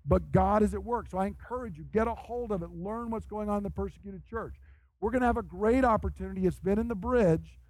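A man's voice: high-pitched, fairly quick, a little mellow, low-quality recording. A man preaching a sermon as pastor of his church, earnest and emphatic, with a few restarts.

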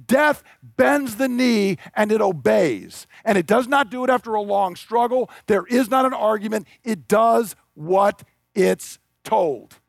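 A man's voice: high voice, dry recording, clean studio sound. A man preaching a sermon in a conversational way, building up to emphatic declarations. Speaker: pastor.

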